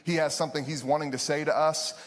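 A man preaches to his congregation, his voice sitting a little high as he talks in a loose, lively way and laughs between lines. His words ring out with a long reverb from the church hall. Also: fast talker. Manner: conversational, animated, laughs often. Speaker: pastor. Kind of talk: sermon.

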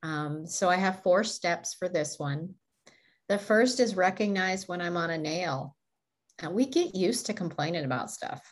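A woman's voice: fairly low pitch, animated, measured pace. A woman co-hosting a motivational talk show, telling stories and laughing often. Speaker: podcast co-host.

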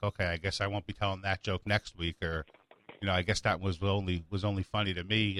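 Deep-voiced male talk show host. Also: no echo. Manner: relaxed, rambling, self-deprecating. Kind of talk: casual chat.

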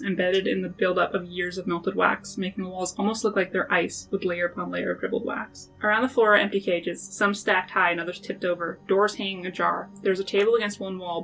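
A woman's voice: lowish voice, creaky, fairly bright tone, low-quality recording. A woman narrating as game master of a tabletop role-playing podcast, describing scenes in an atmospheric way.

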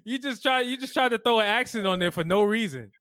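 A man's voice: high voice, fast talker, a bit bright. A man co-hosting a podcast, arguing bluntly and swearing casually in banter. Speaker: podcast co-host.

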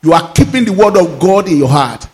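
A man, a pastor preaching a sermon and drawing out scripture lines slowly for emphasis. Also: on the high side, expressive.

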